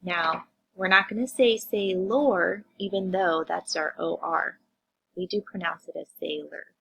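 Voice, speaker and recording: A woman teacher reviewing vocabulary and phonics with young children, sounding words out slowly and asking them questions. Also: lowish voice, vocal fry, pushed and bright, slight background noise, low-quality recording. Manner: slow, drawn-out phonics sounding-out, addressing kids.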